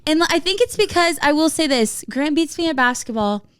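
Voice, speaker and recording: Animated young woman telling a story. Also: sits high, fairly quick, poor audio. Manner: animated storyteller, swears freely, acts out quotes. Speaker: podcast co-host telling a story. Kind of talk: casual chat.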